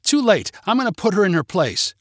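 A man voicing a loud, pushy, jealous middle-aged wife who talks insistently and indignantly. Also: high-pitched, big pitch swings, fairly quick, no room sound, clean studio sound, pitched above the performer's own voice, full character voice.

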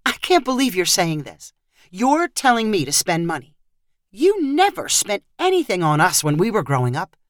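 A woman's voice: mid-range voice, sing-song, moderate pace, dry recording, clean studio sound, natural voice. A woman reading aloud as a frustrated, thrifty father who snaps and grumbles. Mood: irritated. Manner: snappish, grumbling. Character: frustrated thrifty father, middle-aged man.

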